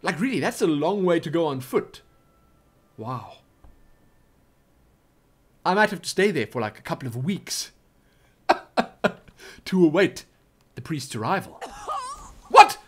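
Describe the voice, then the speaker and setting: Excitable man commenting on gameplay. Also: a little high, measured pace, pauses often, breathy edge. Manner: excitable, exclaiming, chatty and jokey. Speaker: let's play gamer.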